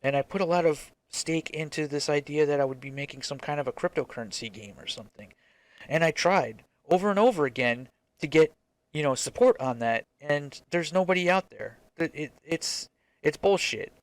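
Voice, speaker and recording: A man's voice: fairly high pitch, moderate pace. A man talking to camera in a casual, reflective vlog as an indie game developer. He is frank, rambles with many restarts, and swears freely.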